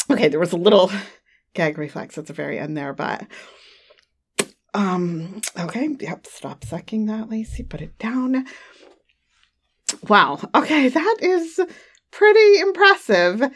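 A woman giving a casual monthly update to her listeners, chatty and giggly, on a home microphone, with a slightly runny nose. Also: medium pitch. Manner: chatty and giggly, trailing off with fillers. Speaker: adult audio creator. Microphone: studio microphone at home.

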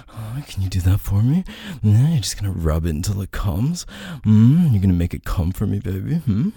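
A man performing an intimate adult audio role-play in a dominant, teasing way, with soft moans and whispered asides. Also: lowish voice, big pitch swings, normal speed, vocal fry, breathy edge, dry recording.

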